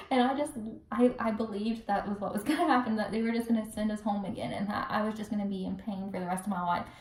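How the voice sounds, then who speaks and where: A young woman casually telling a personal story to the camera, chatty and animated, acting out what people said. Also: mid-range voice, quick pace. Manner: chatty, animated, acts out quotes with laughs. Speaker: vlogger telling her birth story. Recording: roomy echo, recorded from a distance.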